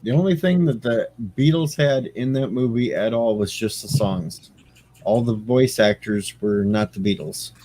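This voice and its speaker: A man with an American accent hosts a casual late-night livestream. He jokes around and banters with his callers. His pitch sits in an ordinary middle range. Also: normal speed, mellow. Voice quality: joking, banters with guests. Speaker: livestream host. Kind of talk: casual chat.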